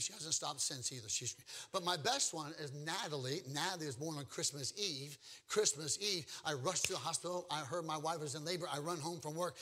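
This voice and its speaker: A pastor in full sermon mode, a man with a high, bright, forceful voice. He preaches emphatically, moving between storytelling and joking asides to the congregation.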